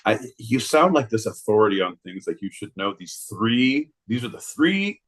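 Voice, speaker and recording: A man's voice: fairly low pitch, big pitch swings, moderate pace. A man co-hosting a podcast in casual, playful chat, riffing on wordplay and cursing freely. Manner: playful, riffs on wordplay, swears. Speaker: podcast co-host.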